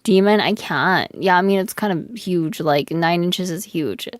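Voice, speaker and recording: A woman's voice: on the low side, unhurried, dry recording. Blunt young woman, dry close sound. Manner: blunt and profane, talks to chat. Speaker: streamer reacting to clips. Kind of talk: casual stream commentary.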